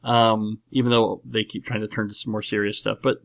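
A man's voice: fairly low pitch, flat delivery, fairly quick, gravelly, a bit bright. A man hosting a podcast, talking about a film in a rambling, emphatic way with many fillers and restarts. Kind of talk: casual movie discussion.

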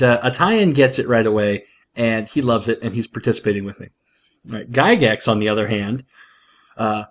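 A man hosting a podcast, talking casually and excitedly, often laughing and restarting his sentences. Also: medium pitch. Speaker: podcast host, father. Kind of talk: casual monologue.

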